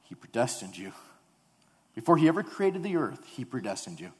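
A man's voice: very animated, normal speed. Man preaching in a reverberant hall. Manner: swings between loud urgent build-ups and hushed low passages; rhetorical questions and repetition. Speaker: pastor. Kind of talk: sermon.

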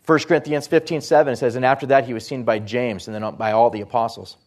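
A man's voice: steady tone, quick pace. Earnest male preacher expounding scripture. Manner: earnest, reads scripture aloud and then explains it; rises in pitch and volume for emphasis, drops low at phrase ends. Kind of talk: sermon.

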